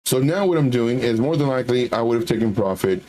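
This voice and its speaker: A middle-aged man hosting a trading show, talking casually and repeating himself, with lively acted-out quotes. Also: mid-range voice, fast, slight background noise. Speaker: trading channel host. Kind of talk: casual live market talk.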